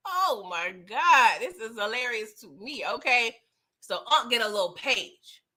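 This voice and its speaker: A woman casually recapping a TV episode in slangy, animated talk, laughing often. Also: fairly high pitch, unhurried. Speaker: TV recap host.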